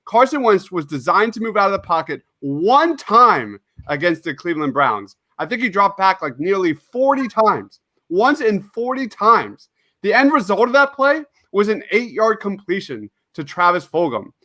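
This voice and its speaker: A man's voice: high-pitched, very animated, normal speed, sharp tone, dry recording. A man co-hosting a sports podcast, ranting in an exasperated, emphatic way. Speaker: podcast co-host. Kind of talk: opinionated sports podcast rant.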